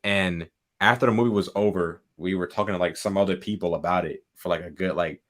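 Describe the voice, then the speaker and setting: An excitable young man co-hosts a casual podcast chat. His voice sits on the low side, and he leans on "like" constantly and breaks into laughs. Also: a little fast. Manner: excitable, heavy use of "like", laughs often. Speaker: podcast co-host.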